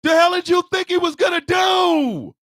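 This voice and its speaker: A man ranting comedically as a show host, loud and animated with shouted bursts. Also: very high-pitched, moderate pace, dry recording, studio quality. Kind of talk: comic rant.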